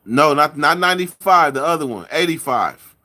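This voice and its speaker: A man from California in a casual chat, telling rambling stories with drawn-out words and lots of repeats. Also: on the high side, lively intonation, sharp tone. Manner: loose storytelling, drawn-out words, repeats himself. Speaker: podcast host.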